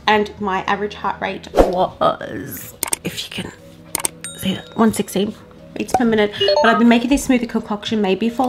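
A woman's voice: mid-range voice, a little hiss or hum, low-quality recording. Chatty woman vlogging in a kitchen. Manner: chatty, rambling, talks to the viewers with asides. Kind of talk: casual vlog chat while cooking. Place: home kitchen. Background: music.

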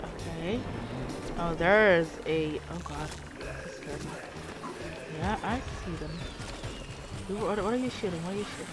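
A young woman commentating her live game stream, muttering quietly and then yelling at teammates. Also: lowish voice, unhurried, long pauses, background noise. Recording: game music behind voice.

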